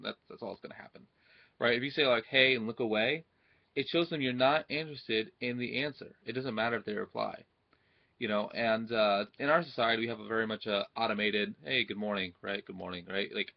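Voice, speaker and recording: A man's voice: on the low side, steady tone, fairly quick, gravelly, dull audio. A young man giving social confidence advice to his computer camera in a casual monologue, checking in with "right?" all the time. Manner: repeats "right?" often, acts out quoted greetings. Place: at home in front of his computer. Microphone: computer webcam mic.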